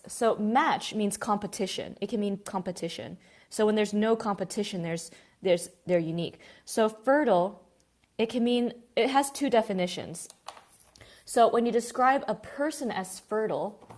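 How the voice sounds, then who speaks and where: A woman teaching a live online English class, chatty and lively, greeting students by name as they join. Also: medium pitch.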